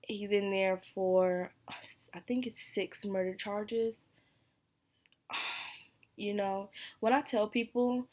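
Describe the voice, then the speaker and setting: Young woman vlogger, candid and emotional, level pitch with little movement, frequent sighs and hesitations. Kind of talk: personal vlog talking to camera.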